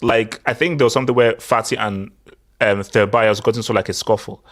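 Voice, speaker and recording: A young man co-hosting a casual football chat show, animated and laughing, often repeating himself. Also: on the low side, brisk. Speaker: podcast co-host.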